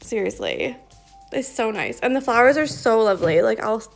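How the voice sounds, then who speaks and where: A woman's voice: a little high, sing-song, normal speed, creaky, faint music behind. A woman hosting a casual embroidery live stream, chatting on and rambling with frequent laughter. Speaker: embroidery livestream host.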